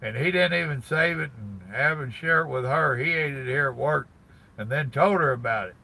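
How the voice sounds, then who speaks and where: A man's voice: medium pitch, moderate pace, gravelly, bright, forceful tone, low-quality recording. An older man, chatting casually on a live stream from his parked truck cab and greeting viewers by name in a folksy drawl.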